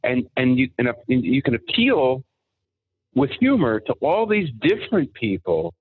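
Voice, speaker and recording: A man recounts personal anecdotes as a podcast guest, with lively, animated storytelling. His voice sits in a middle register. The sound is thin and phone-like. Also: medium pitch, moderate pace, husky. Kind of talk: casual storytelling. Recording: tinny phone-like line.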